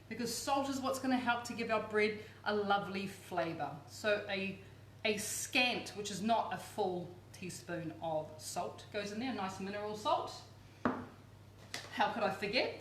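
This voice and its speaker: A woman's voice: mid-range voice, reverberant, noisy background. A woman hosting a cooking demonstration, chatty and enthusiastic with playful asides. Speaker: cooking show host.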